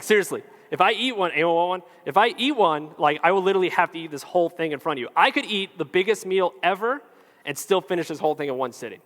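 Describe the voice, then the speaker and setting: A man's voice: a little high, fairly bright tone. Man, pastor, conversational joking sermon, reverberant church hall. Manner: conversational, jokey, acts out quoted voices.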